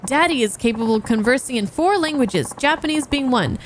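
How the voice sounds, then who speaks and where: A woman voicing a polite, formal male secretary and bodyguard, speaking in a measured way while reading game dialogue. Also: high voice, lively intonation, slight background noise.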